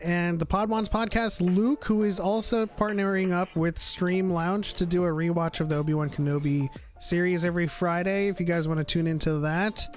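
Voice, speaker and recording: A man's voice: high voice, fairly even intonation, normal speed, few pauses, soft background music. An American man hosting a casual livestream podcast, chatting loosely and greeting viewers. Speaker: podcast host.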